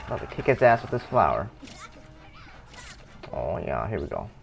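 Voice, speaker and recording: A man's voice: sits low, big pitch swings, moderate pace, vocal fry, faint music behind. A young man chatting casually on a live game stream, rambling and correcting himself as he plays. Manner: rambling, self-correcting, chuckling. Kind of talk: casual live-stream chat while gaming.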